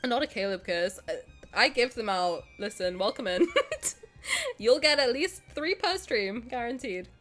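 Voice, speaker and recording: Soft music plays behind a woman with a fairly high, bright voice, lively intonation, and a moderate pace. She's sick and mildly congested, yet chats warmly with viewers, reads game text aloud, restarts often, and laughs in bursts.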